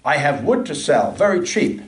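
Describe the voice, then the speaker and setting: A man voicing a kind rabbi disguised as a peasant woodseller, speaking gruffly and reproachfully. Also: fairly high pitch, big pitch swings, normal speed, reverberant, recorded from a distance. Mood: offering. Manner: gruff, reproachful and gently scolding.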